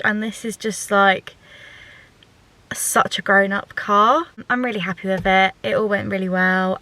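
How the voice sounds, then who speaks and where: A young woman chatting casually and excitably to camera in a vlog, with lots of fillers and self-corrections. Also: mid-range voice, rough recording. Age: young adult. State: sore throat. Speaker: vlogger and small business owner.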